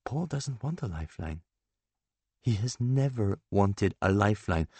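A man narrating a novel in the first person, measured and dryly ironic. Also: fairly low pitch, lively intonation, dark tone, husky, no echo. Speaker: audiobook narrator.

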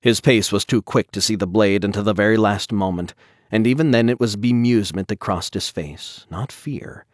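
A man with a very low, deep voice narrates a dark tale in a measured, deliberate way. The recording is dry and close, with no room sound. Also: no room sound. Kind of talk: audiobook narration.

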